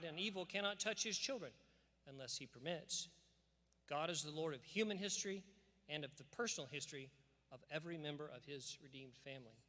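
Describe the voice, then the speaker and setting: A man's voice: a little high, sharp tone. A man giving an earnest, emphatic commencement address with scripture readings, in a preacherly cadence. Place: large church sanctuary. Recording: long reverb of a big church hall.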